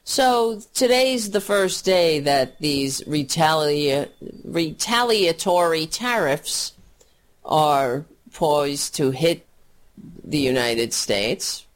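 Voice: mid-range voice, lively intonation, extremely slow. Crude, scornful political ranter. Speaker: political commentator. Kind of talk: angry political rant.

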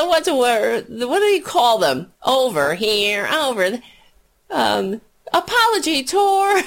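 A hoarse woman doing a profane, scornful political rant on a livestream, often clearing her throat and laughing. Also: fairly low pitch. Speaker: political commentator.

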